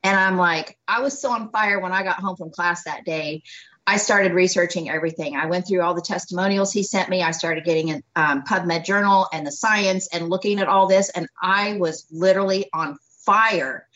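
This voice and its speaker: A woman doctor tells her story as an interview guest, animated and quick to laugh, acting out each exchange. Her voice sits a little low. The recording is dull and lo-fi. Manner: animated storyteller who acts out dialogue and laughs often. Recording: dull lo-fi audio.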